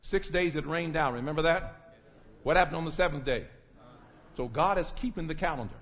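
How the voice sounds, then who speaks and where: Fiery preacher in an echoing church. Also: male voice, brisk. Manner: preaching, swings from low murmurs to shouted climaxes, calls on congregants by name. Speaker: pastor. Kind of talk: sermon. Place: church sanctuary. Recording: dull echoing church recording.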